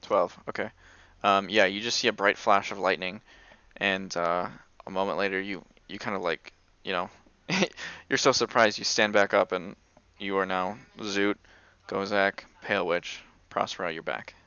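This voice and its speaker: A man's voice: sits low, steady tone, normal speed, sharp tone, clear, resonant tone, dry recording, dull audio. A man narrating a tabletop game as game master in a rambling, filler-heavy way.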